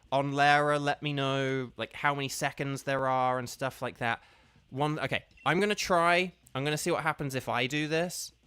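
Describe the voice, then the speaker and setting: Bright, clear-voiced male game streamer. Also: fairly high pitch, no echo. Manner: patient, explaining step by step with many fillers. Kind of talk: casual live-stream chat with viewers.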